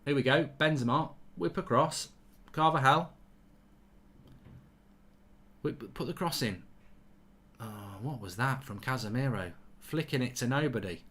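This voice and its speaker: A man's voice: medium pitch, moderate pace, a bit bright. A man hosting a live football watchalong, chatting bluntly and reading out viewer comments. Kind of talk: casual live-stream chat and commentary.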